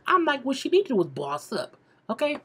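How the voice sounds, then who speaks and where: A young woman chats through a show recap in a husky, slightly breathy voice. Her pitch swings widely as she talks, gossipy and animated, tossing in "okay?" between thoughts. It is casual vlog talk, loose and conversational. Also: a little fast.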